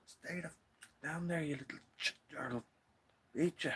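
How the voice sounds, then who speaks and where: A man voicing a gang of cocky, threatening little leek plants in a jokey squeaky voice. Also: normal speed, fairly bright tone, breathy edge. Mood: menacing. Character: cocky bullying male leek plants, small and rowdy.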